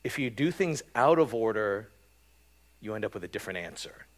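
A man preaching a sermon in a relaxed, conversational way, often checking in with his listeners with "right?" and filling pauses with "um". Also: lowish voice. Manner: conversational, frequent "right?" and "um" fillers. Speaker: pastor.

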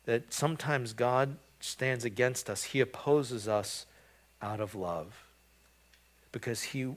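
A man preaching a sermon, earnest and emphatic, often restarting phrases and building to loud, rising stretches. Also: fairly low pitch. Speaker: pastor.

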